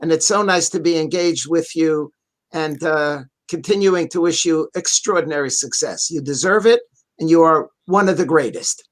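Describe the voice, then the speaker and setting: Earnest, emphatic rabbi on a video call. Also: male voice, a little high, normal speed. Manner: earnest, emphatic, repeats key phrases, reads Hebrew then translates. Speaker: rabbi, guest teacher. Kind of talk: Torah talk in an online interview.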